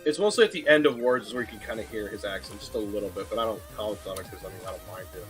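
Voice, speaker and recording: A man's voice: lowish voice, very fast, a bit bright, faint music behind. A man from Mexico chatting casually with friends in a laid-back, offhand way. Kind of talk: casual chat among friends.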